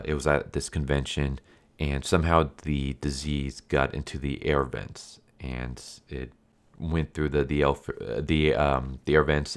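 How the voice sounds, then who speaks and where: A man with an extremely deep, low voice talks through a movie's plot in a loose, casual recap. He rambles, leaning on 'like' and 'um' as he goes. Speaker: anime movie reviewer.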